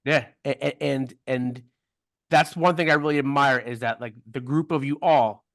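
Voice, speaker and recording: Mid-pitched male host, halting and encouraging, dry close sound. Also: fairly bright tone, no echo. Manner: affirming, halting with restarts. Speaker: podcast host. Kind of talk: casual interview chat.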